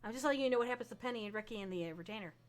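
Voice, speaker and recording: A woman's voice: mid-range voice, very fast. A woman narrating as game master of a tabletop game, talking casually and swearing freely. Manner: casual and profane.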